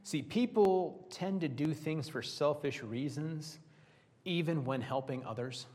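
Joking, lively male preacher. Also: on the high side, a little slow. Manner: lively, joking asides to listeners. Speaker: preacher teaching a Bible study. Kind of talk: conversational sermon.

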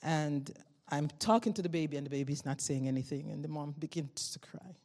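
A woman giving a spoken testimony to a congregation, telling a story with lively swings from loud exclamations to hushed tones and frequent laughter. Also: low voice, a little fast. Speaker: church member giving testimony.

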